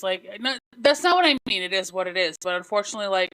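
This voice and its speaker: A woman hosting a podcast, talking alone in a halting, emotional way with many restarts, close to tears. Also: medium pitch, animated, fairly bright tone, smooth, low-quality recording. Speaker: podcast host. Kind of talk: solo podcast talk.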